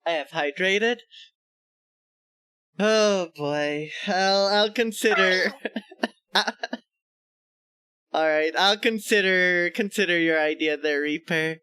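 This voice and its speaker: High-voiced, chatty man streaming. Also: slow pace, long pauses, pushed and bright, clear, resonant tone, no echo, studio quality. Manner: laughs often, chatty and self-mocking. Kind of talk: casual live-stream chat.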